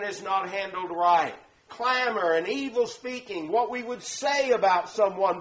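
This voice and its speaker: High-voiced man preaching a sermon. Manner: earnest, explanatory, emphatic on key words. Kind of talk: sermon lesson.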